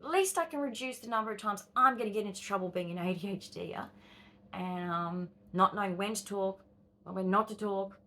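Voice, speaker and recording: Animated Australian woman in her fifties. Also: mid-range voice, brisk, a little hiss or hum. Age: 50s. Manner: animated, acts out inner voices with sighs and exclamations. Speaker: vlogger. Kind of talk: direct-to-camera vlog monologue.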